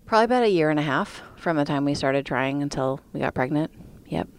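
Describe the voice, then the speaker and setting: Low gravelly woman telling her story. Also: fast. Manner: animated, reenacts scenes with big voice jumps. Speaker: married woman sharing her pregnancy story. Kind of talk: casual personal storytelling.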